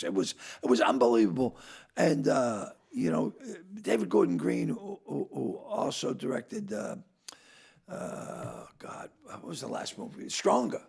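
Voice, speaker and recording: An older man, a comedian and actor guesting on a podcast, telling stories in a casual, animated way and acting out the voices he quotes. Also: medium pitch, measured pace. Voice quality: gravelly, raspy. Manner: animated raconteur who acts out quoted voices. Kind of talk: casual storytelling chat.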